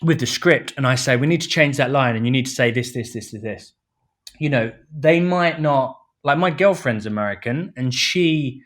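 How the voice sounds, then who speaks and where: At a normal speed and medium pitch, with a fairly bright tone, a London-born film director chats on a podcast. He peppers his speech with "you know" and voices other people's lines when quoting them.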